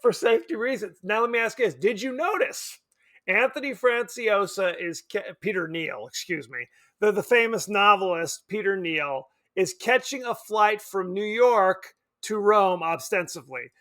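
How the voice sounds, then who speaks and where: Podcast co-host, male, from Palm Springs; high, very lively pitch, bright tone, chatty and animated. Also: normal speed. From Palm Springs, California. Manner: animated, laughs often, acts out quotes. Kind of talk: casual film chat.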